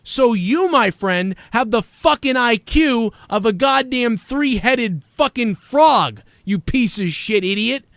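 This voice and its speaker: A man's voice: very high voice, expressive, takes it slowly, few pauses, fairly bright tone, no echo. A man hosting a show, ranting casually with profane, combative, mocking insults aimed at a critic. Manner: sarcastic, mocking. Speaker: show host reading viewer donations. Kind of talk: casual livestream rant.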